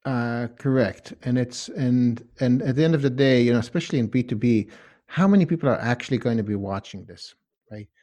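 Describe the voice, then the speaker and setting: A man's voice: medium pitch, a little fast, dark tone. Man with a hard-to-place mixed accent. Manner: conversational, says "right?" often. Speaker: guest. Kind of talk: casual podcast chat. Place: home office.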